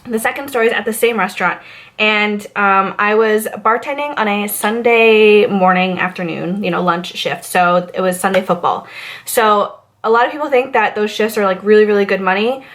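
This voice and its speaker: A woman from Massachusetts rants through a storytime vlog about bartending. She talks in a chatty, animated way, full of fillers and asides. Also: mid-range voice, moderate pace. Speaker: vlogger, former bartender. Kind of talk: storytime rant.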